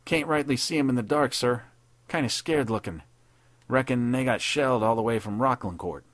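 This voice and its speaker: A man's voice: medium pitch, moderate pace, fairly bright tone, dry recording, pitched above the performer's own voice, close to an everyday voice. A man voicing a plain-spoken army corporal with folksy, drawling speech. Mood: dutiful.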